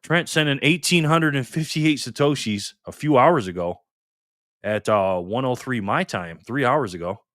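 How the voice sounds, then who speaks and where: A man runs a casual live stream, warmly greeting viewers by name and thanking them for tips. His voice sits at an ordinary middle pitch. The sound is close and dry with no room echo. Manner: upbeat, reads chat names aloud with quick thanks.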